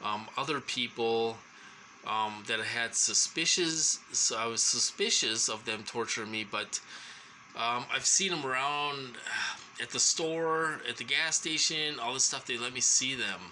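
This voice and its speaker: A man talks through a long, rambling personal account, stopping often with ums and starting sentences over. His voice is very bright and sharp, with a faint hiss of noise behind it. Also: medium pitch, rough recording. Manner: halting, full of ums and restarts. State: short of breath at times.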